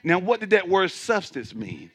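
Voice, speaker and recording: A man's voice: high voice, huge pitch swings, moderate pace, slightly rough. A man preaching a sermon as pastor, emphatic, repeating words as he restarts and calling out to his listeners. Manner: calls out to the congregation.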